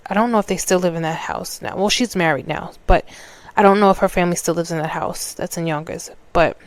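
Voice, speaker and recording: A woman talks through a personal story on her podcast, casual and loose, often restarting mid-sentence. Her voice sits fairly low and sounds smooth and clear. The recording is dry and close, with no room sound. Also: no echo. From New York. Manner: conversational, restarts mid-sentence, acts out quoted dialogue. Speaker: podcast host.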